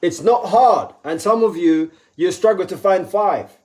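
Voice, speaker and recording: Male motivational speaker, somewhat high voice, emphatic, repeats key lines. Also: unhurried, a little mellow. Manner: acts out quoted voices with pitch jumps. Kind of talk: live motivational talk.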